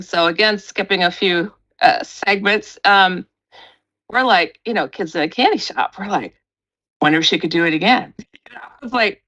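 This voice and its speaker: A middle-aged woman, a paranormal researcher and radio host, telling a story in an animated way, acting out quotes with big jumps in pitch.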